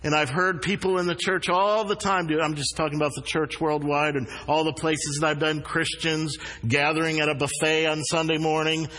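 A man preaching a sermon as a pastor in a church, earnest and deliberate, slowing down to stress key words. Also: fairly high pitch, level tone, pushed and bright. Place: church sanctuary. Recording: long hall reverb.

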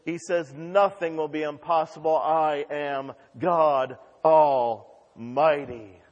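A man preaching a sermon with fervor, dropping to hushed lines and rising to shouts. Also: fairly high pitch, measured pace, highs cut off. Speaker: pastor. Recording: long reverb of a large hall.

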